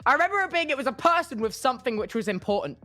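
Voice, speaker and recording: A man's voice: extremely high pitch, sing-song, rapid-fire, bright, forceful tone, soft background music. A young man with a British accent, a guest on a streamed interview, cheeky and playful. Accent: British English.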